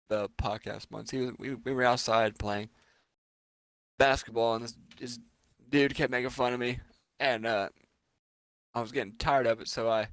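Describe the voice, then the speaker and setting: A man's voice: medium pitch, fairly bright tone, dry recording. A young man co-hosting a podcast, telling crude stories in casual chat and laughing often. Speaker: podcast co-host.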